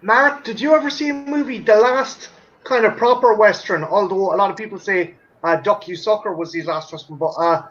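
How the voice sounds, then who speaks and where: A man's voice: sits high, brisk, fairly bright tone, muffled recording. A man on a casual podcast chat, telling stories in an enthusiastic way and swearing freely.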